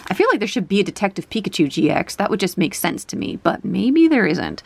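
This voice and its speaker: Animated young woman squealing over cards. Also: fairly quick, vocal fry, no room sound. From country using kilograms. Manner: chatty, squeals high over cute cards. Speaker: card collector vlogger. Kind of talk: casual card unboxing chat.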